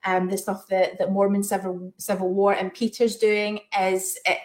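A woman's voice: mid-range voice, flat delivery, normal speed, darkish tone. A woman hosting a podcast, speaking casually and hesitantly. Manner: hesitant, many fillers. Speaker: podcast host. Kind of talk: casual interview talk.

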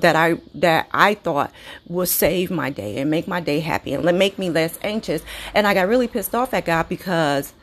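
A woman hosting her own podcast, talking candidly and conversationally about her experiences, with frequent restarts and fillers. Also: lowish voice. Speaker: podcast host. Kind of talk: casual personal monologue.

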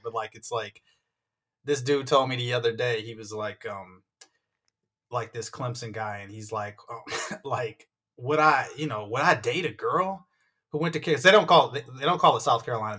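A man with a bright, forceful voice talks loosely about basketball. He wanders into side stories and acts out what other people said. The delivery is casual and chatty. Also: mid-range voice. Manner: rambling, tangent-prone, acts out quotes. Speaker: podcast co-host. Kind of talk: casual sports chat.

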